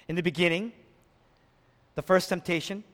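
A pastor preaching a sermon, impassioned, swinging between hushed and loud delivery. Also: male voice, high-pitched, fairly even intonation, normal speed. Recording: long reverb of a large hall.

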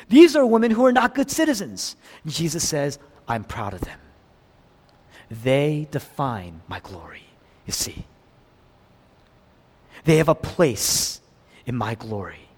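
A man preaching a sermon in a dramatic way, swinging between loud emphasis and hushed, near-whispered lines. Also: sits high. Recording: long hall reverb.

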